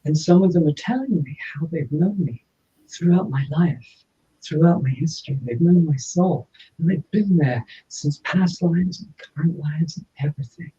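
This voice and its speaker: A man, a podcast guest, telling a personal story in an animated way and acting out the dialogue. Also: fairly high pitch, normal speed, a little hiss or hum. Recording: slightly dull lo-fi audio.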